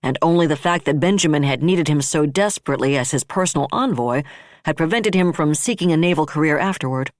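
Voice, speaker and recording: An audiobook narrator giving steady, even scripted narration. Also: mid-range voice, fast, no room sound, studio quality.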